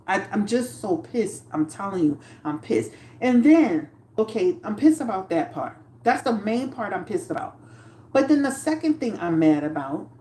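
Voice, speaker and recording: A woman hosting a casual livestream, talking with emphatic, animated energy and swearing. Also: medium pitch, reverberant. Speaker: tarot reader and livestream host.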